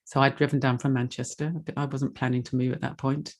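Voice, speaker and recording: A woman's voice: a bass voice, little pitch movement, brisk. A woman giving a heartfelt, rambling donation appeal in an online meditation session, emotional and close to tears. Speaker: speaker making a donation appeal.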